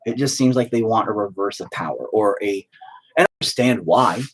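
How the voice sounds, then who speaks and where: A man's voice: on the low side, brisk. A man chatting at home while painting, rambling through a profane, opinionated rant.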